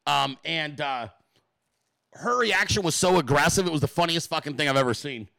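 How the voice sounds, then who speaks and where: A man hosting a live show, ranting without a script to his chat, swearing constantly and acting out quotes in exaggerated high voices. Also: normal speed, vocal fry, pushed and bright, no echo, clean studio sound. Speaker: livestream host. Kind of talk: profane unscripted rant to a live chat.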